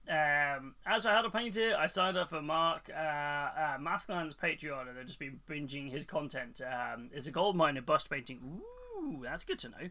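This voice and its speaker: A man's voice: on the high side, normal speed, pushed and bright. A man chatting casually on a live stream, rambling, reading out chat and telling corny jokes.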